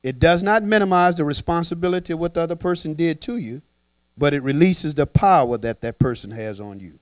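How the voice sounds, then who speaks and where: Preach like an animated man with a pastor's swing, voice riding high and up and down, keep it close and dry. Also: brisk, no echo. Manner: animated, conversational, acts out voices. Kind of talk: sermon.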